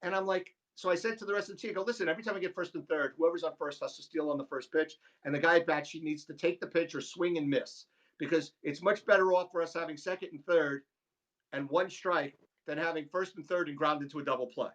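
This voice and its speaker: A man co-hosting a casual sports podcast, telling animated stories and mimicking the people in them. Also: fairly high pitch, fast. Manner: animated storyteller, mimics voices. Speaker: podcast co-host.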